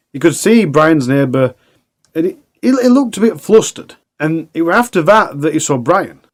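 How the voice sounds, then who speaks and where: A man narrating a true crime documentary in a plain, conversational way with casual asides. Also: fairly high pitch.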